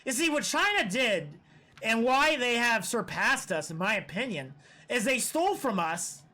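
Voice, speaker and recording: A man's voice: very high-pitched, big pitch swings, moderate pace, bright, forceful tone. A man streaming live, rambling through opinions in casual, profane chat.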